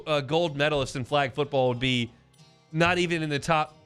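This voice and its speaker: A man's voice: on the high side, moderate pace, fairly bright tone, clean tone, faint music behind. A man hosting a sports talk radio show, giving casual, opinionated takes with frequent restarts. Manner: conversational, opinionated, many restarts. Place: radio studio. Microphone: studio mic.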